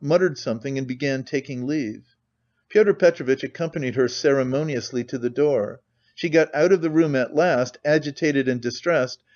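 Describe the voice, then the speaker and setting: A man's voice: mid-range voice, darkish tone, muffled recording. A man narrating a classic novel as an audiobook reader, telling the story steadily. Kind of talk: scripted narration.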